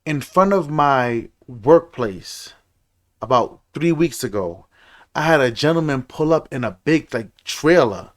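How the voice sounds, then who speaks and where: A man's voice: medium pitch, expressive, measured pace. A man ranting to camera about marriage, frustrated, preachy and repeating himself. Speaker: commentator. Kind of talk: reaction rant to camera.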